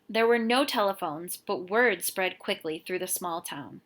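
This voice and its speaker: A woman teacher reading a novel aloud chapter by chapter, in a clear, steady storytelling voice. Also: lowish voice, unhurried, hardly any pauses. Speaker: reader, teacher.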